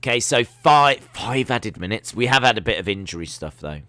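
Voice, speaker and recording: A man hosting a live football watch-along, reading out viewer comments and reacting with loud excitement to the play. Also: on the low side, normal speed, no echo. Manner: reads viewer comments, excitable shouting at goals.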